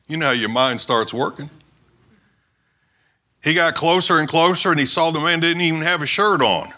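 A man preaching a sermon, telling a story as an illustration and loudly acting out the cries of the people in it. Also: on the high side, normal speed.

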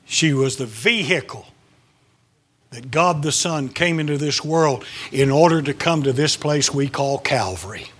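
A man's voice: a little high, expressive, measured pace, fairly bright tone, husky. A man preaching a sermon, emphatic and dramatic, sometimes dropping his voice to a whisper.

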